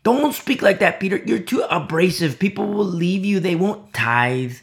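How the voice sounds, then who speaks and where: Preacher doing a coaxing megachurch pastor, wheedling and mocking, gravelly edge, pitch swinging up and down, put on by a man mid-sermon. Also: expressive, normal speed. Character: smooth-talking male megachurch pastor, coaxing.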